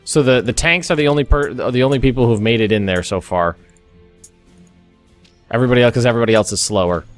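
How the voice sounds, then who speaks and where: In casual gameplay commentary, an American young man thinks through a strategy game aloud for a let's play, restarting often and making asides. His medium-pitched voice moves at a quick pace yet pauses often, over faint background music.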